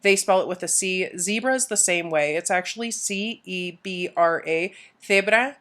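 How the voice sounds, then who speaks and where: A young woman teacher giving a recorded review for a Spanish test, relaxed, with many "um" fillers, repeating key points and saying Spanish words with a Castilian accent. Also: lowish voice, moderate pace. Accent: Castilian Spanish when speaking Spanish.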